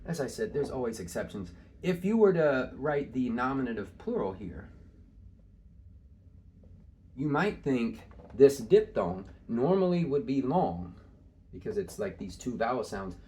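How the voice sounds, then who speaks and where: Casual male tutor, talks it through with fillers and chuckles, lively intonation. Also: mid-range voice, a little slow. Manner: casual, thinking aloud with many fillers and small laughs. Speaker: Greek tutor. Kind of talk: informal screen-share lesson.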